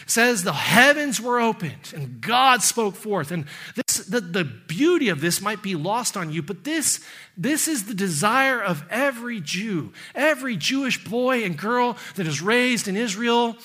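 A man preaching a sermon in a church, building up loud and high on scripture, then dropping low and soft at the ends of phrases. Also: very animated, measured pace. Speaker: pastor. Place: church sanctuary.

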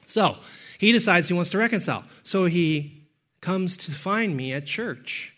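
A man preaching a sermon as pastor, emphatic and rising to shouts on key points, then dropping into quick, low-key storytelling. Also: expressive.

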